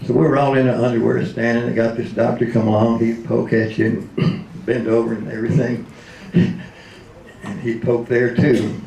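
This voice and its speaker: A man's voice: medium pitch, level tone, normal speed, vocal fry, a little mellow, slight background noise. A man in his seventies, a retired radio DJ, telling comic stories in a speech, laughing often and slipping into voices. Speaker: retired radio DJ, convention speaker. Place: convention hall. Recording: roomy hall.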